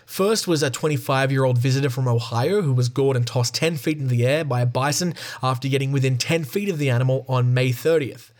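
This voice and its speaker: A man hosting a podcast, reading a prepared script in a steady storytelling tone. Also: medium pitch. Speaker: podcast host. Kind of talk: scripted narration.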